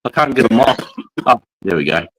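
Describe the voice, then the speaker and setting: A man's voice: medium pitch, very animated, a little fast, breathy edge, no echo, low-quality recording. A man with an Australian accent, hosting a livestream and telling stories in casual, profanity-heavy chat. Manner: profane, storytelling, quotes mates' lines. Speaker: livestream host.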